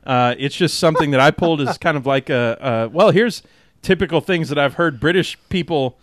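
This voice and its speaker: A man hosting a podcast, his voice sitting a little high. He rambles loosely and circles back on himself. The sound is dry and close, with no room around it. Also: a little fast, dry recording. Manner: rambling, loose, with many restarts. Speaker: podcast host. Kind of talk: casual podcast chat.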